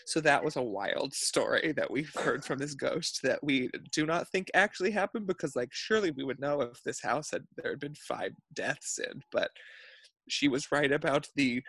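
Podcast co-host, male, fry in the voice, chatty storyteller. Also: a little high, animated, normal speed, fairly bright tone, no room sound. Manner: chatty storyteller, lots of fillers. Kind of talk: casual chat. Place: at his parents' house.

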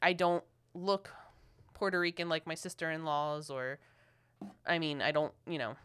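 A woman from Philadelphia co-hosting a marriage podcast, telling a story in an animated way and acting out what people said. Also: low-pitched, normal speed, smooth. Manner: animated, quotes people in lively voices. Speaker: podcast co-host. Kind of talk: casual storytelling chat.

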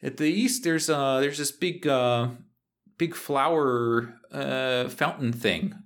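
A man's voice: medium pitch, slow, voice pushed up. A man voicing a jittery male thief who stammers and pleads. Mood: nervous. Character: nervous male thief hiding underground.

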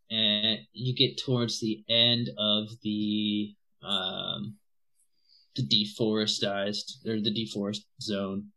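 A man narrating as game master of a tabletop role-playing game, talking in halting bursts full of restarts. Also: on the low side, bright, forceful tone, low-quality recording. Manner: halting, many restarts and fillers.

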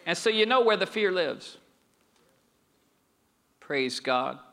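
A middle-aged man preaches a sermon in a bright, high voice. He drops low for storytelling, then rises to emphatic calls for amens. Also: lively intonation, slow pace, gravelly. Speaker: pastor.

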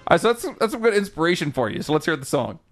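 A man's voice: a little high, sing-song, racing, faint music behind. A man co-hosting a podcast, reading listener mail and teasing his co-host in casual chat.

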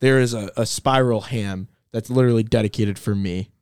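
A man's voice: fairly low pitch, normal speed, a little mellow, clear, resonant tone, no echo, clean studio sound. A young man, a college student, chatting casually on a podcast, laid-back and laughing often. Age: young adult. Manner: laid-back, laughs often, loose filler-heavy phrasing. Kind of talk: casual chat.

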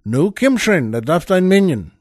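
A man voicing a tough, two-gun Texan gunslinger in a told joke, speaking slowly and demandingly. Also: high voice, big pitch swings, darkish tone, no echo, clean studio sound. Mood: gruff.

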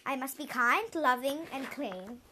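A small, earnest princess frets aloud about growing up, her voice high and bright. She is read by a woman in her storytime voice. A faint hiss sits under the reading. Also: animated, a little slow, heavily acted. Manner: earnest, questioning. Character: curious little princess, earnest and fretful.

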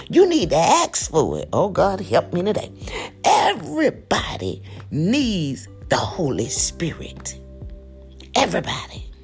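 A middle-aged woman with a raspy morning voice, preaching a sermon with passion, dropping to whispers and rising to cries. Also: mid-range voice. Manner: impassioned preaching, swinging between hushed whispers and loud cries.

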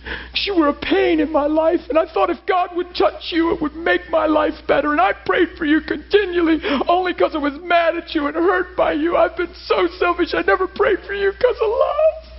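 A remorseful wife pours out her confession in a high, pleading voice, as a preacher acts her out. Her words come tearfully, full of regret. The recording is dull and lo-fi. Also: normal speed, creaky, soft background music.

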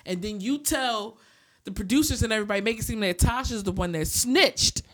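A woman co-hosting a casual talk show, telling animated stories in speech and acting out the people she quotes. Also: mid-range voice, brisk. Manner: animated storytelling, heavy swearing, acts out quoted voices. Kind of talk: casual chat.

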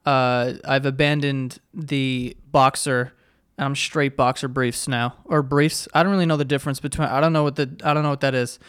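A man's voice: medium pitch, fairly even intonation, normal speed, fairly bright tone, smooth. A man hosting a podcast, teasing his guest and swearing often in casual chat. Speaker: podcast host.

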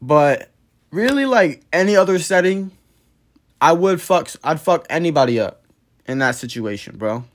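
A man with a slightly high voice talks on his podcast in a casual storytelling monologue. He is blunt and profane and keeps the retelling heated. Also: expressive, moderate pace. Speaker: podcast host.

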